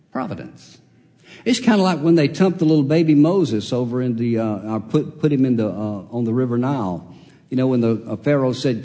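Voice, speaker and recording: A man preaching a sermon with a folksy, storytelling manner, swinging between loud and soft passages. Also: medium pitch. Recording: long hall reverb.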